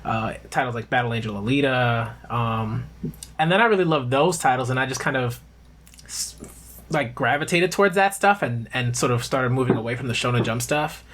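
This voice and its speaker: A man's voice: mid-range voice, moderate pace, fairly bright tone, a little hiss or hum. A man guest on a podcast, talking casually about his channel in a rambling, hesitant way with many fillers. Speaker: guest, YouTuber. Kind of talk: casual interview talk.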